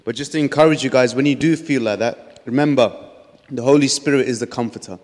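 A man's voice: mid-range voice, fast talker, a little mellow. A man sharing a testimony in a sermon, telling his story earnestly with frequent restarts. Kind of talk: testimony preaching. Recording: long hall reverb.

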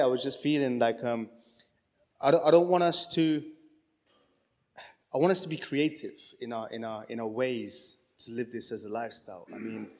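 A man's voice: medium pitch, darkish tone. A man giving a casual church talk, telling stories and encouraging his listeners, with many restarts. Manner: chatty, storytelling, many restarts. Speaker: church speaker. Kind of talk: casual sermon talk with anecdotes. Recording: long hall reverb.

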